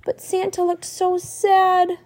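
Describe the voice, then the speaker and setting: A woman's voice: fairly high pitch, very animated, a little slow, gravelly, a little mellow, heavily acted. A woman reading aloud and voicing a whiny little boy who is easily upset. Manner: whiny, plaintive.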